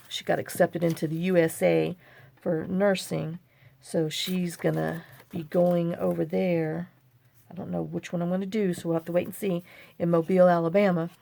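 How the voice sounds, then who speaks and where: An older woman with a lowish, darkish voice and vocal fry hosts a chatty crafting tutorial at a home craft table. She rambles and talks to herself as she works.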